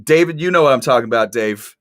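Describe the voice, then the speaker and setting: A man's voice: mid-range voice, lively intonation, fast, a bit bright, dry recording. A man from Texas hosting a casual talk show, chatty and rambling, with dry sarcastic humor. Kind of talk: casual chat.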